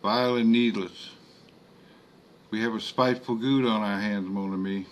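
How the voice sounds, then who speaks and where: A man's voice: lowish voice, fairly even intonation, moderate pace, close to an everyday voice. Man putting on a Haitian-accented Creole woman. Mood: grim. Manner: teasing, affectionate, calls him Boo. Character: Haitian Creole woman, short, warm, unflappable vodou helper. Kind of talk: storytelling.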